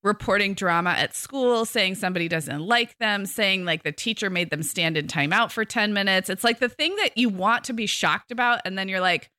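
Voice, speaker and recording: A woman co-hosting a parenting podcast in casual chat, often acting out quick quoted lines from kids and parents. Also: mid-range voice, sharp tone, no room sound, clean studio sound. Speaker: podcast co-host.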